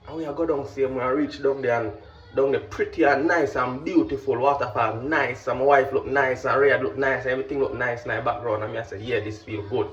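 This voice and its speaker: A man, a vlogger and pilot telling a story in an animated, casual way and often checking that the listener understands. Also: medium pitch, fast. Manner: animated, keeps asking "you understand?". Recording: roomy, distant, dull with faint music.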